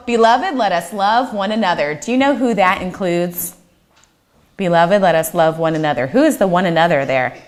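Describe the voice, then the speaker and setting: A woman teaching a children's church class, upbeat and encouraging, often checking in with the kids and leading them in sung scripture. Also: medium pitch.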